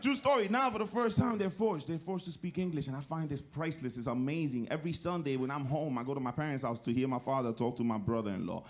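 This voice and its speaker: A man with a fairly high voice performs stand-up on a club stage, telling lively stories about his family and dropping into Spanish. A faint hum of noise sits under the mic. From Puerto Rican family. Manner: animated storytelling, slips into Spanish. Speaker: stand-up comedian. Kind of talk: stand-up comedy set. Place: comedy club stage with live audience.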